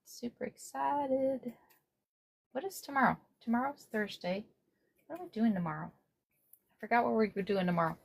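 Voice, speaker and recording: A middle-aged woman hosting a craft livestream, chatting casually and excitedly while sewing, often repeating herself and calling out to viewers. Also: on the high side, normal speed, vocal fry, long pauses, slight background noise.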